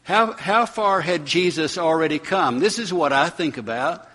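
A man preaching a sermon, building to dramatic emphatic bursts and slowing on key words. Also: fairly high pitch, bright, forceful tone. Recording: long hall reverb.

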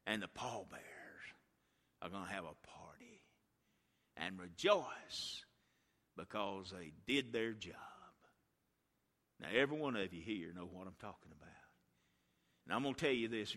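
A man preaching a revival sermon as a guest speaker in a church, telling a story and building to impassioned shouts. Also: lowish voice, lively intonation, moderate pace, long pauses. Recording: long church reverb.

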